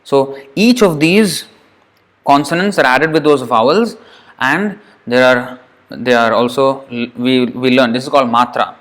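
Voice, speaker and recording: A man's voice: mid-range voice, measured pace, a bit bright. A man teaching Sanskrit pronunciation in a recorded lesson, demonstrating each syllable aloud and repeating it patiently.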